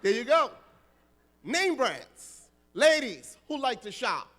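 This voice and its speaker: Imam guy from the US preaching, super lively and high, jokes with the crowd. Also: slow. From United States. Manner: animated, humorous, addresses the crowd directly. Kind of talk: sermon.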